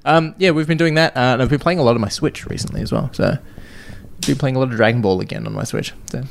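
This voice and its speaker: A man's voice: medium pitch, fast, gravelly, a little hiss or hum. A young man, chatting loosely as a podcast co-host, laughing and swearing freely. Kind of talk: casual chat.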